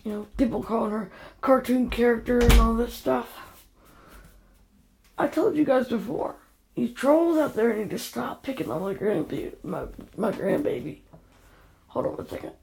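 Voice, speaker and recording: In a quiet house at night, an older grandmother vlogger faces the camera and furiously scolds online trolls, emotional throughout. Her fairly high, creaky voice has lively intonation at a normal speed, and there is slight background noise.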